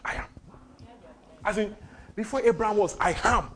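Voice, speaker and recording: A man's voice: high voice, normal speed, a little hiss or hum. A man leading a Bible lesson, breaking in on the reading to explain and repeat key phrases with emphasis. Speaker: Bible teacher. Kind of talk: commenting on a scripture reading.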